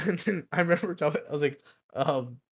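A man's voice: fairly high pitch, fairly quick, creaky, slightly rough. A young man co-hosting a podcast, telling a long story in casual chat, swearing and laughing as he goes. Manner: animated, profane, laughs through the story. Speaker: podcast co-host.

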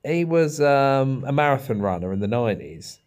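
A man's voice: medium pitch, expressive, normal speed, a little mellow. A man, co-hosting a casual comedy podcast and telling wry, self-pleased stories from his stand-up gigs. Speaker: co-host, stand-up comic.

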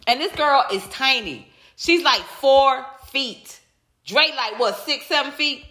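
A woman's voice: high-pitched, expressive, slow, pushed and bright, echoey room, a little hiss or hum. A woman commentator ranting bluntly on a livestream, repeating her points and swearing as she reacts to viewer comments. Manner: emphatic, repetitive, blunt, swears. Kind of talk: heated casual opinion rant.

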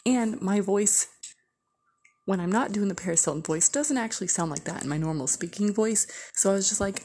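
Husky-voiced woman telling a candid story. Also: medium pitch, fairly quick, dark tone. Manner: candid, profane, heavy use of "like". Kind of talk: casual storytime monologue.

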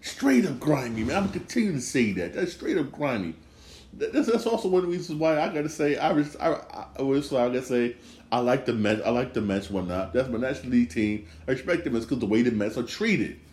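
A man's voice: mid-range voice, sing-song, fast, a little mellow, echoey room. A man hosting a casual sports podcast, rambling and repeating himself as he gets worked up. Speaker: podcast host.

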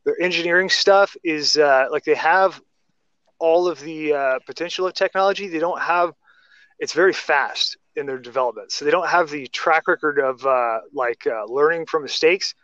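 A man's voice: a little high, normal speed, fairly bright tone, dry recording. A man talking casually in a podcast chat, rambling through restarts and tangents. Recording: dry, muffled lo-fi sound.

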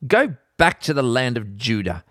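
A man's voice: mid-range voice, big pitch swings, moderate pace, fairly bright tone, no room sound, clean studio sound. A man reading aloud as an indignant priest who orders a prophet away, in a scolding, commanding manner.

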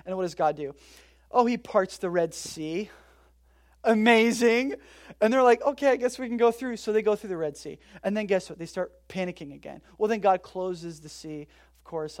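Casting: relaxed preacher, mid-range voice, jokey storytelling sermon with big loud-to-soft swings. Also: medium pitch. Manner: casual, joking storytelling with sudden swings between loud and quiet. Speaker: pastor. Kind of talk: conversational sermon.

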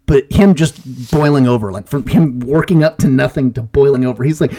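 A man co-hosting a podcast, chatting casually in a rambling way, laughing often and acting out scenes loudly. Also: medium pitch, animated, moderate pace, hardly any pauses. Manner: rambling, laughs a lot, acts out scenes in a loud voice. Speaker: podcast co-host. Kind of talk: casual chat.

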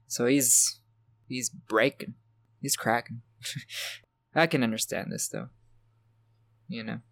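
A man's voice: mid-range voice, fairly even intonation, takes it slowly, creaky, a bit bright. A man co-hosting a podcast, casually walking through a horror film's plot and laughing often. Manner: laughs often, plays back the plot beat by beat. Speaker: podcast co-host recapping a film. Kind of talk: casual film recap chat.

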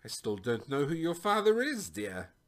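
A carefree, half-mad stranger who teases and lectures by turns, as a man acts him out. His pitch leaps high and wide, with sudden bursts. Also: huge pitch swings, normal speed. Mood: teasing. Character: eccentric carefree man, teasing and unhinged.

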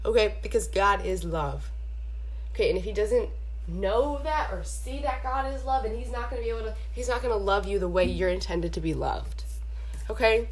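A woman's voice: mid-range voice, moderate pace, breathy edge. A young woman hosting a podcast, giving casual faith and dating advice in a chatty, preachy, rambling way, often checking in with "okay?". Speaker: podcast host.

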